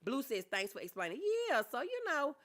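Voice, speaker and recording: A middle-aged woman on a casual livestream who reads viewer comments aloud, calls her viewers honey and y'all, and speaks openly and softly about grief. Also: fairly high pitch, huge pitch swings, brisk. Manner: talks openly about grief, softening and trailing off.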